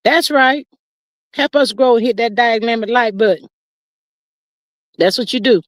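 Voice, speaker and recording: A woman's voice: on the high side, unhurried, no room sound, studio quality. A woman hosting a casual livestream chat, greeting viewers and talking in a chatty, playful way with lots of slang. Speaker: livestream host.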